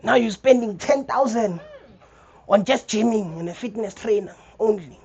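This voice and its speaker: A young South African man works through a stand-up set on a comedy theater stage. His high voice keeps a normal speed as he tells stories with animation, playing out the scenes himself.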